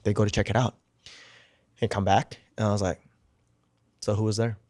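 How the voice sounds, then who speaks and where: A man's voice: on the low side, normal speed, no room sound, studio quality. A man as a podcast guest, telling a story casually and with energy, swearing freely and acting out what people said. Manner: animated, swears casually, acts out quotes.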